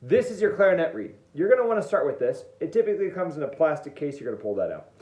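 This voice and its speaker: A man's voice: fairly high pitch, big pitch swings, quick pace, darkish tone. A man teaching an online music lesson, playful and jokey as he demonstrates each step. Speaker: band teacher. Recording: echoey room, dull lo-fi sound.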